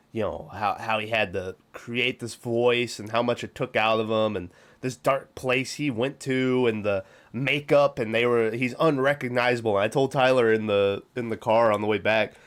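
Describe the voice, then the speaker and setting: A man hosts a casual movie review podcast at a middling pitch. He talks in a chatty, loose way, laughs often and swears freely. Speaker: podcast host.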